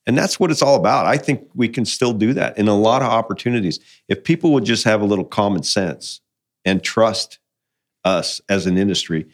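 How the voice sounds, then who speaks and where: A man's voice: on the low side, a little fast. A man from the mining industry who talks casually and tells folksy stories, quoting other people as he goes. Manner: folksy storyteller, quotes people in conversation. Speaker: mining guest. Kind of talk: casual podcast conversation.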